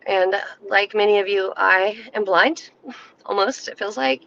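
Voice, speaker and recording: A woman's voice: mid-range voice, a little slow, gravelly, a bit bright, dull audio, slight background noise. A woman hosting a livestream, talking heatedly and scolding her viewers in a casual, emphatic rant into her cell phone. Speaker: livestream host.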